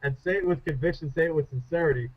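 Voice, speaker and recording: A man speaking as a guest on a radio interview, a public speaking coach telling stories in an animated, self-deprecating way. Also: on the high side, rapid-fire. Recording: muffled radio show audio.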